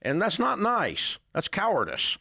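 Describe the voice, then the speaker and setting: A man's voice: sits high, huge pitch swings, unhurried, creaky, pushed and bright, dry recording, clean studio sound. An older man with a Southern American accent, answering interview questions with folksy, blunt storytelling. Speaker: radio host, interviewee.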